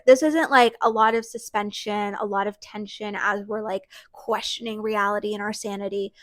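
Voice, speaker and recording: Woman vlogger, fairly high voice, dry close sound, casual and emphatic book talk. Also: a little slow, no echo. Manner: emphatic and animated, frequent "like". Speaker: book reviewer. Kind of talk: casual book review vlog.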